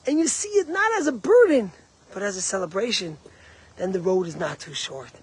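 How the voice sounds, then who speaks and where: High, husky-voiced rabbi preaching emphatically. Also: male voice, animated, normal speed, no room sound. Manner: emphatic preaching, peppered with Hebrew and Yiddish terms. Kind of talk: sermon on the weekly Torah portion.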